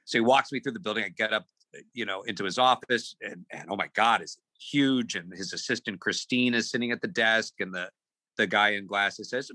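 A man telling a story as a podcast guest, animated, repeating words as he acts out quotes on a close mic. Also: on the low side, fairly quick, no echo, rough recording. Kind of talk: casual storytelling.

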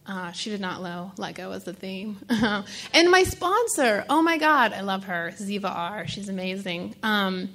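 A woman giving a halting, emotional personal testimony as a speaker at a recovery meeting, full of fillers and restarts. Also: mid-range voice, sing-song, fairly bright tone.

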